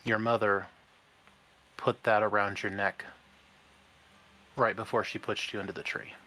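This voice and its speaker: Bright-voiced male game master. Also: fairly low pitch, flat delivery, unhurried. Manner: laid-back, laughs often. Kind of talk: narrating a tabletop game.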